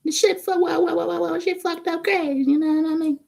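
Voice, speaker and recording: A man putting on a frantic, profane ranting guy who repeats catchphrases and shouts in bursts. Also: very high-pitched, fairly even intonation, a little fast, gravelly, pitched above the performer's own voice.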